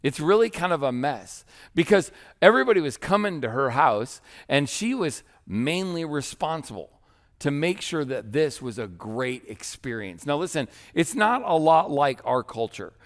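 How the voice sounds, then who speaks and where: A man's voice: fairly high pitch, very animated, moderate pace. A male pastor preaching a sermon in a conversational way, often checking in with "right?" and acting out little scenes. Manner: conversational, asks "right?" often, acts out quoted voices.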